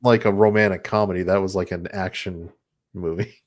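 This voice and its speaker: A man's voice: low-pitched, steady tone, a little fast. A man co-hosting a podcast, talking casually and rambling, with laughs between thoughts. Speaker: podcast co-host. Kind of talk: casual chat.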